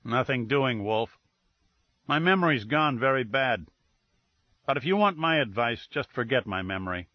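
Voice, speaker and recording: A man's voice: medium pitch, expressive, moderate pace, pauses often, no echo, lo-fi sound, close to an everyday voice. A man voicing an evasive, wisecracking male private eye who talks in a breezy, slangy way.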